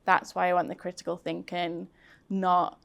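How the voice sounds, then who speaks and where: A woman's voice: lowish voice, monotone, normal speed, vocal fry. A middle-aged woman with a Liverpool accent, speaking earnestly in a conversational panel talk and acting out what she tells her workshop members. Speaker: founder of a craft activism group, guest speaker.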